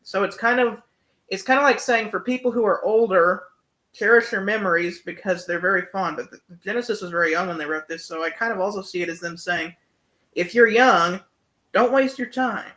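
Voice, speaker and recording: A man's voice: high-pitched, a little fast, bright, forceful tone. A young man giving a casual, enthusiastic album review, full of fillers and humming along to the songs. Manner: enthusiastic, many fillers, hums and sings along. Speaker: music reviewer.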